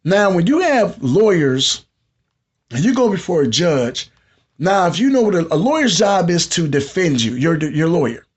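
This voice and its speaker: Man, high voice, podcast host, preachy conversational commentary. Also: very animated, normal speed, breathy edge. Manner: preachy, conversational, lectures listeners directly.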